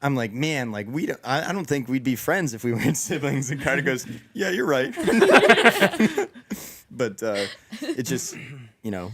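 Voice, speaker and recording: A man hosting a casual podcast, telling stories with many restarts, his voice going hoarse after a sick weekend. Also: medium pitch, wildly swooping pitch, measured pace, a bit bright. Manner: rambling storyteller with many restarts. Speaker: podcast host. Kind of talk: casual chat.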